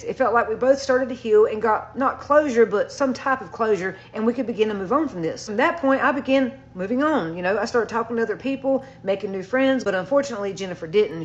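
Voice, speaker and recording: Fast-talking woman telling a story. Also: medium pitch, muffled recording. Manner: conversational storytelling, filler "like". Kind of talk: first-person story narration.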